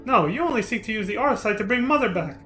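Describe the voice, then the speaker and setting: A man's voice: extremely high pitch, animated, brisk, fairly bright tone, faint music behind. A man reading the lines of a protective young brother from a game, urgent and pleading. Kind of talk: reading game dialogue aloud.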